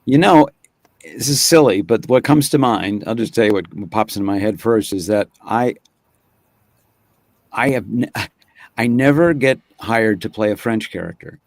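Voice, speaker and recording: A man's voice: lowish voice, lively intonation, unhurried, darkish tone, no echo, clean studio sound. A man, a voice actor guest, talking in a thoughtful, reflective way and often restarting his phrases. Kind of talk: casual chat.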